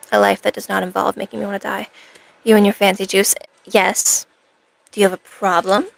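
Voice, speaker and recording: A woman's voice: mid-range voice, gravelly, poor audio. A woman chatting casually with viewers on a cosplay live stream, rambling along with playful, self-mocking asides.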